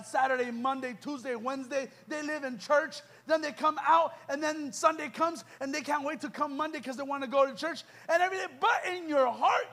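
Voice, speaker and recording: A young adult man delivers a youth sermon in a strikingly high voice. He is fervent and urgent, constantly turning to the crowd with rhetorical questions. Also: a bit bright. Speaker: youth preacher. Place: church youth event.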